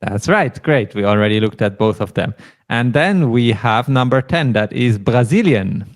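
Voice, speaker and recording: A man's voice: mid-range voice, animated, normal speed. A man teaching a beginner lesson, patiently explaining pronunciation and asking his learner to repeat the words. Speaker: German teacher. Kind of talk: language lesson.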